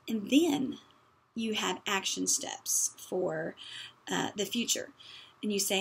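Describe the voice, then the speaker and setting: A woman's voice: fairly high pitch, slow, vocal fry, slightly rough. A woman giving a practical church-style talk in a conversational, folksy way, with many fillers. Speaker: speaker teaching on apologies.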